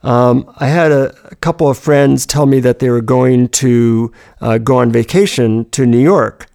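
A man's voice: medium pitch, unhurried, gravelly, dark tone. A man giving a reflective self-help talk, telling personal stories about handling negative thoughts.

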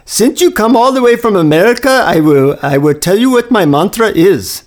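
A man's voice: high-pitched, lively intonation, normal speed, pitched above the performer's own voice. A man voicing a solemn old Indian guru with an Indian accent, in an emphatic, insistent teaching tone. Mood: grand.

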